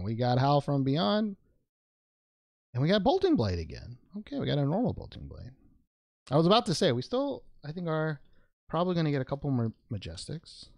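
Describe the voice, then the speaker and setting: Lively, gravelly-voiced man unboxing cards. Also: mid-range voice, moderate pace, long pauses, no room sound. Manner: rambling, joking, with playful made-up words. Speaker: trading card unboxing channel host. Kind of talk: casual unboxing commentary.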